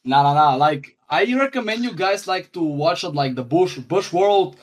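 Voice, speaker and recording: Brief: male podcast guest, a touch high-pitched, halting delivery with lots of fillers. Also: animated. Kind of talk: casual podcast chat.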